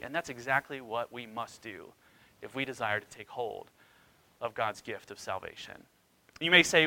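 Male pastor, sermon delivery, very bright and forceful tone, dry close sound, dramatic storyteller. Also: mid-range voice, normal speed, no room sound, rough recording. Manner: dramatic storytelling with wide swings in emphasis.

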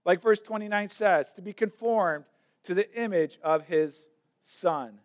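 Male pastor, high voice, emphatic sermon delivery with repetitions. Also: a little slow. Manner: emphatic, repeats words as he builds a point.

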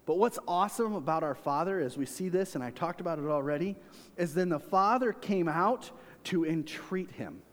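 A man preaching a sermon, swinging between loud, high emphasis and quiet, low asides. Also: animated, moderate pace, big-room sound. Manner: preaching with big swings in volume and pitch. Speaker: pastor.

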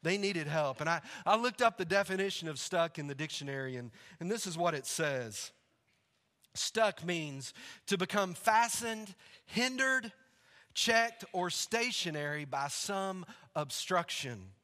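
A male pastor preaching a sermon in a church, telling stories in a relaxed, conversational way. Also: sits high, a little slow. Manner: conversational storytelling, laughs along. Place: church sanctuary. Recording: reverberant church hall.

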